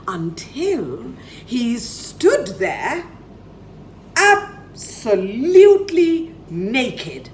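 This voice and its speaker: A woman's voice: medium pitch, very animated, extremely slow, slight background noise, rough recording. A woman telling a children's story dramatically, dropping to near-whispers for effect.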